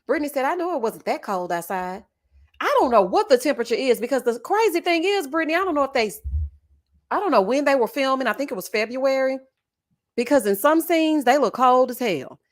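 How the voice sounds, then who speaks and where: A woman hosts a reality TV reaction show, chatting in a sassy way, laughing loudly, and calling her viewers honey and child. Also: high-pitched, lively intonation, a little fast. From Texas. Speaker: host of a reality TV reaction channel. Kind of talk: casual reaction commentary.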